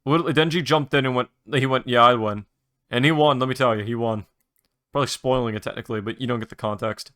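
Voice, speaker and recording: A man's voice: mid-range voice, steady tone, quick pace, fairly bright tone. A young man hosting a solo podcast, chatting casually and rambling with restarts, mild swearing and eager recommendations. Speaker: podcast host.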